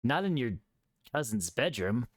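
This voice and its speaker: A man's voice: mid-range voice, very animated, unhurried, dry recording, clean studio sound. A man streaming a game live, joking sarcastically as he reads quiz questions aloud and comments. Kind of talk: casual live gameplay commentary.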